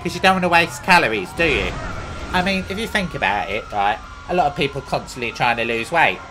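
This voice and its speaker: Over music and a noisy background, a man with a Cockney accent plays a game and delivers a bragging, ridiculous comic monologue full of chatty digressions. This comedy gaming host has a mid-range, expressive voice and talks a little fast.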